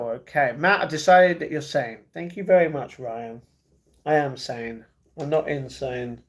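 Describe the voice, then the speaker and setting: A man hosts a casual livestream, reading viewers' comments aloud and then answering them. His voice sits a little high for a man. He talks into earbud microphones and often apologizes. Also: unhurried. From United Kingdom. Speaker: livestream host. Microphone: wireless earbuds.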